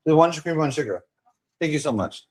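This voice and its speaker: A man's voice: fairly high pitch, expressive, a little fast, husky. Tipsy man rambling on a live stream. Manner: rambling, rowdy banter with chat. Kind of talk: casual live stream chat while walking. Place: outdoors on town streets.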